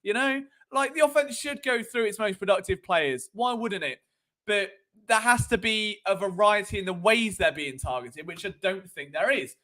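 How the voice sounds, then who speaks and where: A man's voice: high voice, normal speed, sharp tone. A man giving rambling, sarcastic casual sports analysis while sleepy. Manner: rambling, sarcastic, restarts often. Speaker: sports commentator.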